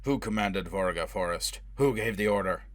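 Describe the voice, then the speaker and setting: A man voicing a brutal, obsessed avenger in an audiobook, with a low, harsh, driving delivery. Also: moderate pace, no room sound, close to an everyday voice. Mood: menacing. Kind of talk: audiobook character voice.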